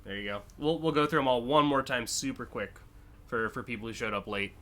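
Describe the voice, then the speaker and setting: A man's voice: medium pitch, a little fast, a bit bright, a little hiss or hum. A man streaming live, casually and enthusiastically judging car designs, with frequent fillers and swearing.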